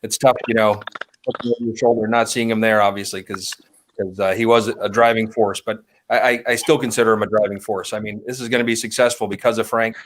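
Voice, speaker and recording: A man's voice: lowish voice, little pitch movement, fast, low-quality recording. A man speaking earnestly in casual conversation, telling a short story. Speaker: guest. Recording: clear background noise.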